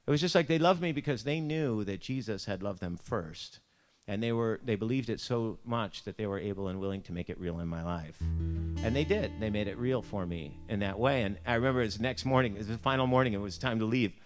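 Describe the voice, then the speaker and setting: A man's voice: on the low side, brisk, faint music behind. A man leading a church devotion, telling a personal story in a chatty, self-deprecating way full of "like" and "you know".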